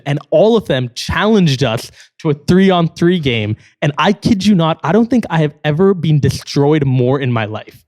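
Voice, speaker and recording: A young man with a Canadian accent, a startup co-founder guest chatting casually on a podcast and telling stories in an earnest, animated way. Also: on the high side, normal speed. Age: young adult.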